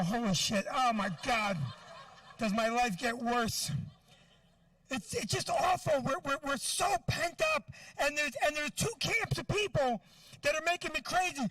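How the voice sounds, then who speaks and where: A man doing a stand-up comedy set outdoors, loud and ranting, shouting his punchlines. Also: extremely high pitch, no echo, distant mic, poor audio. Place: outdoor parking lot show.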